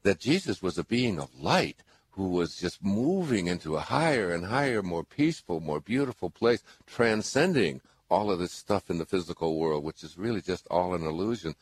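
Earnest low-voiced older man rambling. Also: lively intonation, moderate pace, hardly any pauses, slightly rough, no room sound. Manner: rambling, earnest, with many restarts. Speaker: radio show host. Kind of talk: spiritual advice to a caller.

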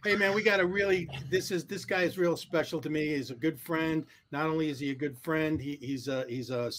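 A man's voice: on the high side, brisk, fairly bright tone, a little hiss or hum. A man co-hosting a comedy podcast, earnestly introducing a guest. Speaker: podcast co-host. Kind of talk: casual chat, guest introduction.

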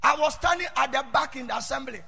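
High-voiced fervent preacher. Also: male voice, fast talker, creaky, faint music behind. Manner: fervent, half-sung cadences, bursts into shouting. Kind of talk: sermon with personal testimony.

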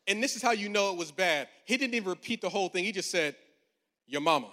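A man's voice: sits high, fast, pushed and bright. A man in his forties, a pastor preaching a storytelling sermon, chatty and funny, then rising into emphatic preaching in a large church. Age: 40s. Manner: conversational and humorous, building to emphatic preaching. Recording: long hall reverb.

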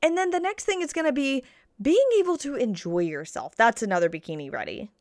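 Woman coach, smooth voice, dry close sound, chatty motivational talk, keeps checking in with "right?". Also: a little high, expressive, fairly quick, dry recording. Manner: checks in with listeners constantly, "right?" and "okay?"; repeats key points for emphasis. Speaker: body-confidence coach. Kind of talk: casual motivational podcast talk.

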